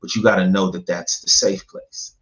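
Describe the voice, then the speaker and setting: Man, guest in an interview, very low voice, reflective, rhythmic phrasing, lo-fi sound. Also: steady tone, normal speed, a bit bright. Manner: earnest, reflective, speaks in rhythmic lists. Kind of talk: interview, personal story.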